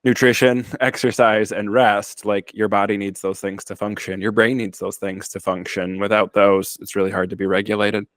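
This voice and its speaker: Man, podcast host, deep-ish voice, affirming, dry close sound. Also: little pitch movement, normal speed, hardly any pauses, no room sound. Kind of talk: casual podcast conversation.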